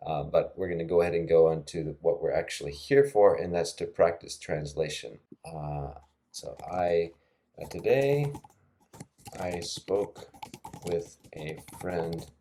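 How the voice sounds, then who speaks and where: Speaking at a moderate pace, a middle-aged language teacher walks through a screen-recorded tutorial in an animated, casual way, with fillers and soft laughter. His voice is low and mellow, picked up close on a desktop mic with a little hiss or hum.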